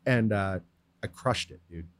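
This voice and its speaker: A man's voice: fairly low pitch, a little slow, dry recording. A man as a podcast guest, telling stories in casual, slang-heavy chat with lots of swearing. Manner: laid-back slangy storyteller, heavy swearing.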